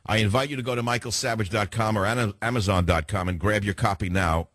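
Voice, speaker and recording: Arguing hard and cutting his callers off, an opinionated male talk radio host from San Francisco, USA speaks at a quick pace in a fairly low, steady, mid-range voice that's a bit bright. The recording is dry and close, with no echo or room.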